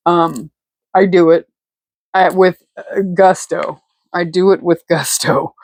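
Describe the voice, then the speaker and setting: A woman's voice: sits low, no room sound, low-quality recording. Chatty woman giving a rambling tarot reading. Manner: rambling, filler-heavy, chatty. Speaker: tarot reader. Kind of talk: casual tarot reading chat. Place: at home.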